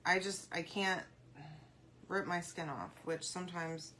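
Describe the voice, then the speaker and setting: A woman's voice: on the low side, measured pace, bright, forceful tone, slight background noise. A woman hosting a casual crafting tutorial, chatting and rambling to viewers as she paints and answering their comments aloud. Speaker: craft video host.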